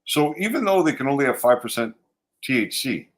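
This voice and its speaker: Man, podcast co-host, mid-pitched voice, dry jokes, careful news reading. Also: very animated, a little fast. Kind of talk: casual chat and reading news aloud.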